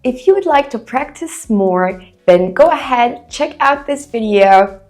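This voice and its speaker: A woman reading out a listening quiz for English learners, careful and deliberate. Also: a little high, lively intonation, darkish tone, soft background music. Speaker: English teacher. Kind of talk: slow, clear quiz narration for learners.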